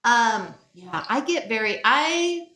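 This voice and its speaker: Chatty woman, lively voice. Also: on the high side, takes it slowly, roomy sound. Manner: chatty, teasing. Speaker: podcast co-host. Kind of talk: casual chat while cooking. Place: home kitchen.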